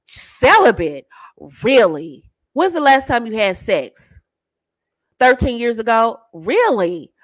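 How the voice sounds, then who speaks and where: A woman putting on a lowered voice to play a smug, scheming man who mocks and drawls. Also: big pitch swings, slow, no room sound. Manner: mocking, drawling.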